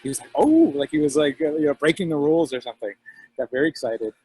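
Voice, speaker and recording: A man's voice: fairly high pitch, very fast. A man, a diner owner and author, chatting casually over a video call and acting out his customers' reactions. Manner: animated storyteller, acts out customers' voices.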